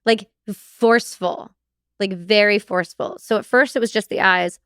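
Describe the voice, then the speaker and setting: A woman speaking as a podcast guest, telling her story in an animated, casual way and swearing freely. Her voice is smooth and clear at a mid pitch. The recording is close and dry. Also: moderate pace, no room sound.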